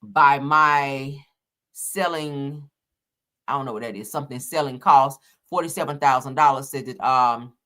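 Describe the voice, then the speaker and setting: Bright-voiced woman reading gossip messages. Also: a bass voice. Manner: reads haltingly with many "uh" fillers, casual slang asides. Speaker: celebrity gossip commentator.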